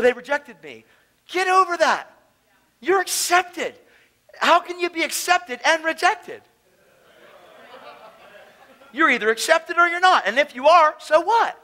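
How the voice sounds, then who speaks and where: A man telling his testimony at a conference, animated and casual, swinging between loud bursts and hushed asides. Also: extremely high pitch, poor audio. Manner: casual slangy talk. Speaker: conference speaker. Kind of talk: preaching personal testimony. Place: conference hall, live audience.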